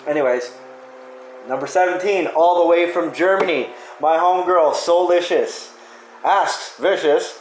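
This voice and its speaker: A man reads out fan questions and answers them in a loose, offhand way, swearing often and cracking jokes. His voice sits a little high for a man. The room around him rings with a noticeable echo. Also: slight background noise. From Canada. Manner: profane, joking, offhand. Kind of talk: casual Q&A vlog.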